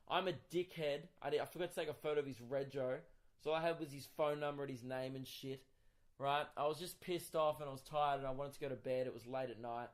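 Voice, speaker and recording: A young Australian man, a comedian hosting his own podcast, tells a story in an exasperated, profane, animated rant. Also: a little high. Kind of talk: casual comic storytelling monologue.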